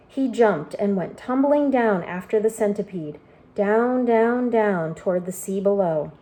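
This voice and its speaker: Mellow-voiced woman reading a storybook. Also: medium pitch, measured pace. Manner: expressive, animated reading. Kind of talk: children's book read-aloud.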